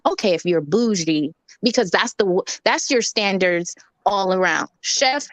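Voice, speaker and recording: A woman's voice: mid-range voice, dry recording. A woman from Jamaica speaking as a panelist in a casual discussion, animatedly acting out quotes as she tells stories. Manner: animated storyteller who acts out quotes.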